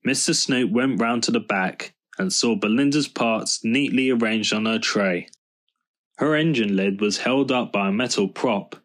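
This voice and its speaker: A man reading a children's storybook aloud in a calm, measured narration. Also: lowish voice. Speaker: storybook reader.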